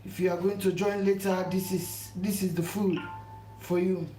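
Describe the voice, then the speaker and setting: A woman with a fairly low, dark voice speaks at normal speed with little pitch movement, and faint music plays behind her. Hosting a live cooking stream from her home kitchen, she talks effusively, repeats herself, and keeps urging people to subscribe. The echoey room carries faint household noise.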